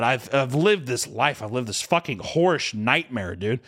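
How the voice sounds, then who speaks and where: Drunk guy rambling thru a crude story, swears a lot, suddenly yells high for bits. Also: animated, moderate pace. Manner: profane, rambling, leaps into shrill screams for bits. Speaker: podcast co-host. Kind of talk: comedic storytelling.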